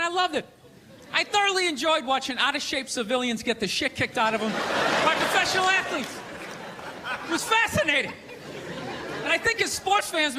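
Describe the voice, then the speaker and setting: A man doing a stand-up comedy set on a theater stage, ranting and mocking with loud shouted bursts. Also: very high-pitched. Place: theater stage with live audience. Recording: live show with crowd noise.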